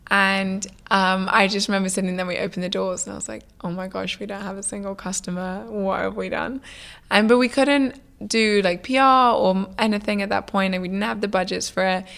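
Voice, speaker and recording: Chatty woman with vocal fry. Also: medium pitch. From United Kingdom. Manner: chatty, lively, many "like" fillers, acts out quoted dialogue. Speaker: guest, food business founder. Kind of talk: casual interview storytelling.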